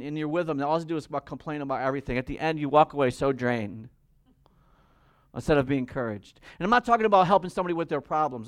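A pastor preaches a sermon in a fairly high voice, growing forceful and loud whenever he reads scripture. The recording is dry and close, with no room sound at all.

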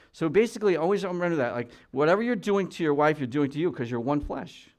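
Slightly high-voiced male pastor preaching. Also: expressive. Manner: conversational preaching, reads scripture aloud slowly. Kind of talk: sermon.

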